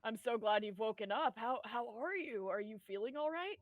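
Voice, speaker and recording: A woman voicing a warm-hearted male ship captain who gushes with relief. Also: on the high side, lively intonation, moderate pace, no echo, phone-quality sound, natural voice. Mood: relieved. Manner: overjoyed, gushing.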